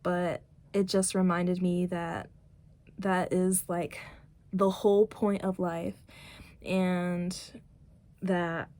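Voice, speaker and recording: A woman's voice: on the low side, flat delivery, extremely slow, pauses often, darkish tone. A woman vlogger chatting casually, rambling with many fillers as she retells a story. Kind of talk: casual chat.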